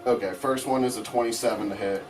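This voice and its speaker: A man's voice: medium pitch, fairly even intonation, fast talker. A man playing in a tabletop game, talking hesitantly and swearing now and then, recorded from a distance with music behind. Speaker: player. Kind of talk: casual tabletop play. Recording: distant mic with background music.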